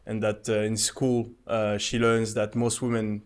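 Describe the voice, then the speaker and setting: A man whose first language is French, hosting a podcast interview in English and asking probing questions in a halting way. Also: lowish voice, monotone, clean tone. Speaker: podcast host.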